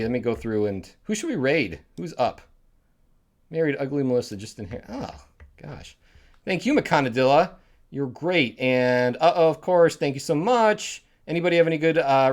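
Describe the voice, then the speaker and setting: A man hosting a live comedy stream, chatting casually with viewers in a rambling way with muttered asides. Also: mid-range voice.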